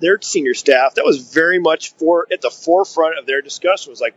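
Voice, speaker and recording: A man with a fairly high, husky voice co-hosts a podcast, talking a little fast with hardly any pauses. He chats casually about the tech industry in a rambling, joking way packed with filler phrases, and the audio is dull and lo-fi.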